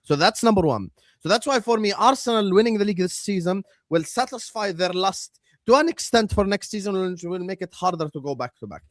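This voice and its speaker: Young man, heated football debate, slightly high voice, dry close sound. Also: fairly quick, dry recording. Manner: argumentative, animated, swears, says "wallah" and "inshallah". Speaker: host.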